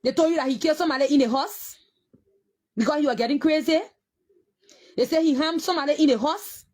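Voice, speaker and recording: A woman's voice: high voice, fast, a little mellow. A grieving Liberian mother giving an impassioned, accusing public statement, repeating her phrases and close to tears.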